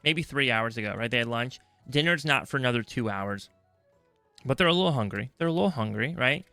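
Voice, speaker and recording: Animated ranting podcast man, bright voice. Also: medium pitch, a little fast, dry recording, faint music behind. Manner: animated, acts out other people's voices. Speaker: podcast co-host. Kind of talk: ranting casual chat.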